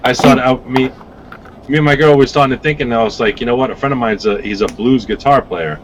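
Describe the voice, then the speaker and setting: A man on a podcast as a guest vape reviewer, rambling through casual stories with lively acted-out quotes and some swearing. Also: medium pitch, fairly quick, noisy background. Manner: rambling, animated storytelling with swearing.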